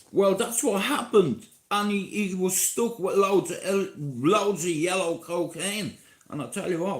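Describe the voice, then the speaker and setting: A Dublin man live-streaming, telling a rambling, profane story and checking in with his listeners as he goes. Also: high voice. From Ireland. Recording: echoey room.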